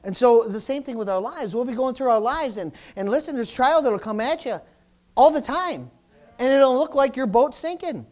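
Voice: sits high, animated, moderate pace, darkish tone. A pastor preaching a sermon to a congregation in church, often restarting phrases and calling out "amen?" and "praise the Lord".

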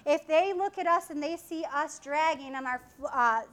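A woman preaching a sermon in an animated way, acting out voices and laughing often. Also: high voice, moderate pace.

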